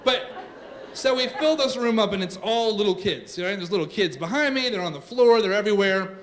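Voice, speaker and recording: Man in his thirties, storyteller, high-pitched voice, animated, self-mocking, comic, live stage show. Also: a little fast.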